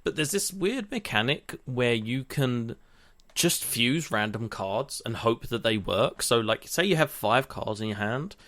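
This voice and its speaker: A man's voice: medium pitch, expressive, unhurried, a bit bright. A man co-hosting a podcast, chatting casually and animatedly, swearing now and then. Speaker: podcast co-host. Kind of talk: casual chat.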